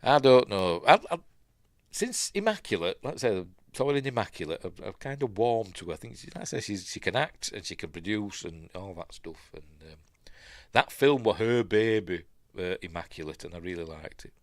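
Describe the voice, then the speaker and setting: A Yorkshire man hosts a casual live stream in a low, lively voice that swings up and down. He rambles, reading news and viewer comments aloud between his own asides. The sound is close and dry. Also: moderate pace, dry recording. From Yorkshire, England.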